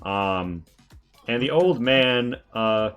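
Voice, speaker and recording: A man narrating a tabletop game as game master, casual and halting with many fillers. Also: medium pitch, expressive, fairly bright tone, clear, resonant tone, highs cut off, faint music behind.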